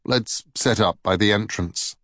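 A man voicing a stern, wrathful male thunder god in a storybook reading, speaking slowly and commandingly. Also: a bit bright, no echo, studio quality. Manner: booming and slow, commanding.

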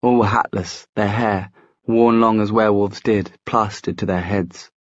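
A man narrating a fantasy audiobook in a measured, even storytelling manner. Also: lowish voice, no echo. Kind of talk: scripted narration. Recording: dry, slightly dull studio sound.

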